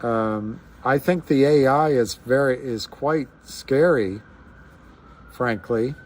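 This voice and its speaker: A man's voice: mid-range voice, slow, darkish tone. A man hosting a casual livestream, musing aloud in a rambling way with frequent restarts. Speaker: livestream host.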